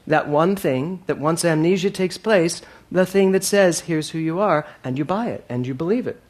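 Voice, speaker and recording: A man preaching a sermon to a congregation. He repeats his key phrases and swings between loud emphatic lines and soft asides. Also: on the high side, moderate pace. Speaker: minister.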